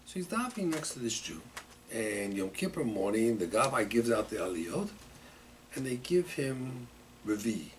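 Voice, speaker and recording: A man teaching as rabbi in a weekly Torah class, telling stories in an animated way with frequent repetitions. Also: mid-range voice, normal speed, a little hiss or hum. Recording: distant mic in a room.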